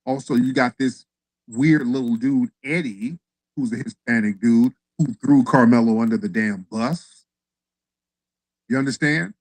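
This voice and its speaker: A man's voice: medium pitch, measured pace, a little mellow, no room sound, poor audio. A man hosting a livestream, giving blunt, heated political opinions with plenty of profanity. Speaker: livestream show host.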